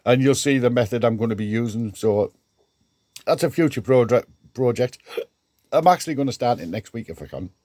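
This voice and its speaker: A man's voice: medium pitch, expressive, a little fast, a little mellow, no room sound. An older man vlogging from his garden shed workshop, rambling chattily with restarts as he talks to camera. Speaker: DIY vlogger. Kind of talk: casual vlog.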